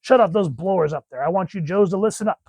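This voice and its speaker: A man voicing a gruff male military commander barking orders at his troops. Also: high-pitched, fast, darkish tone, no room sound, voice pushed up.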